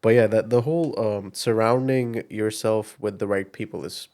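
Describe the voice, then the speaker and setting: A young man from India with an Indian accent, a podcast guest telling his story in an upbeat, energetic way with plenty of fillers. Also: lowish voice, normal speed. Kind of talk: casual interview chat.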